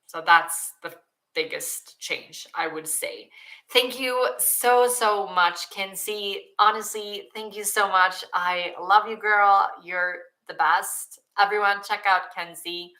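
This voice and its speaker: A woman's voice: mid-range voice, steady tone, slow pace, sharp tone, rough recording. A young woman with a Swedish accent answering viewer questions in a casual, emotional chat, often laughing and filled with "like" and "um". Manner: emotional, giggly, many likes and ums.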